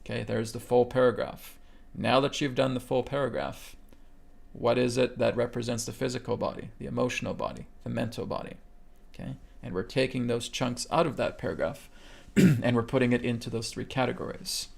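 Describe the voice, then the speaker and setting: A man instructor leading a live webcast lesson, calmly talking listeners through breathing steps and checking in with "okay?" after each point. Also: medium pitch, brisk, vocal fry. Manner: calm guiding delivery, keeps checking in with "okay?". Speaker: meditation instructor. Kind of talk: live webcast teaching a healing technique.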